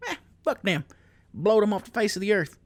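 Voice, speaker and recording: A man puts on a laughing, dismissive Texan good old boy. The voice squeaks high through the cackling. The room sounds dry. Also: big pitch swings, brisk, no room sound.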